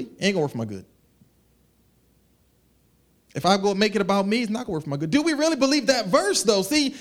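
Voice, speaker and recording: A man preaching a sermon in an animated, conversational way, acting out little asides. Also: high-pitched. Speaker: pastor.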